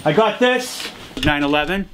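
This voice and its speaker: A man with a somewhat high voice rambles through an absurd comedy monologue in a deadpan way. He drifts from low mumbles up to sudden shouts. A faint hiss sits under the recording. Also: normal speed.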